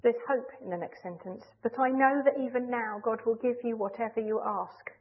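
Earnest woman preaching over a tinny line. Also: fairly high pitch. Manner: earnest, measured, emphatic on key phrases. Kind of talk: sermon.

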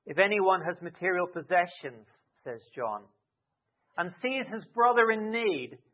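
A man preaching a sermon expressively, with dramatic rises and soft drops. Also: sits high, lively intonation, measured pace. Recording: tinny phone-like sound.

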